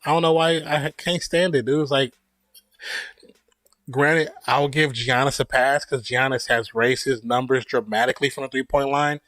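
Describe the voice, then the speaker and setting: A man's voice: medium pitch, steady tone, moderate pace, a bit bright, no echo. A man streaming casual play-by-play of a basketball game, opinionated and jokey, laughing at his own remarks. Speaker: streamer giving play-by-play at a live watch party. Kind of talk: casual fan play-by-play commentary.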